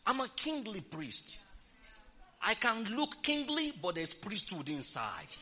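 A woman pastor delivers a sermon with a wildly swinging, lively pitch. Her tone is bright and forceful as she fires rhetorical questions at the congregation. She bursts into loud, emphatic exclamations. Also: a little slow.

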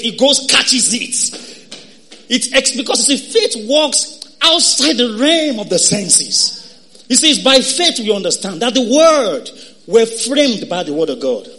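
A male pastor with a very high voice preaches a sermon, calling on the congregation to respond and breaking into shouted exhortations.

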